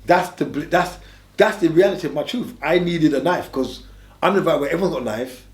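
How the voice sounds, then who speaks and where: A fairly high-pitched man from England, interviewed as a guest, rattles off casual stories in fast, streetwise talk full of repetitive emphasis, recorded in an echoey room.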